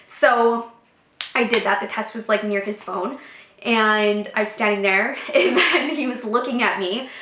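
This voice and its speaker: Bright, chatty young woman vlogger. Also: on the high side, measured pace, reverberant. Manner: chatty, animated, many fillers and acted-out quotes. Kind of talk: casual storytelling to camera.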